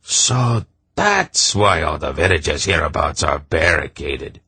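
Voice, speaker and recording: A shrewd, easygoing merchant rambling on in a casual, offhand manner, as a man puts him on. The voice is very deep and husky, delivered slowly and close on a dry mic. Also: expressive, pushed and bright, dry recording, full character voice. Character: rangy, easygoing male merchant, shrewd and talkative.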